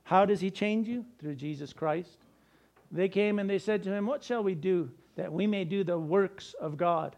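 A male pastor delivering a sermon, animated and conversational, with asides to the congregation. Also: sits high, normal speed, gravelly.

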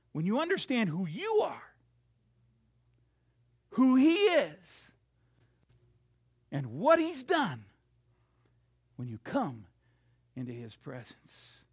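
A man preaching a sermon, swinging from loud, dramatic lines to hushed ones and acting out the quotes he reads. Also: high-pitched, slightly rough.

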